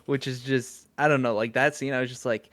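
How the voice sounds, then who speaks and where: A young man co-hosting a podcast, talking in a relaxed way, thinking aloud and chuckling often. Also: mid-range voice, brisk. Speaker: podcast co-host. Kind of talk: casual chat.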